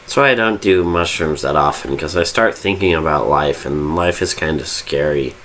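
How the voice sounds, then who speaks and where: A man's voice: very deep voice, normal speed, fairly bright tone, a little hiss or hum. Tipsy man rambling through reviews. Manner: rambling, swears freely, loses his train of thought. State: drunk. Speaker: fanfiction review host. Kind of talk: casual rambling review monologue.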